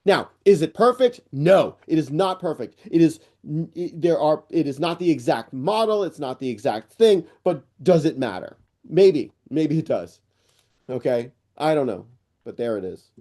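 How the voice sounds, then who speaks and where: A middle-aged man hosting an online AI news session, rambling and excitable, with lots of fillers and restarts. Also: fairly high pitch, moderate pace. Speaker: host presenting AI news. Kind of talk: casual screen-share walkthrough on a live call.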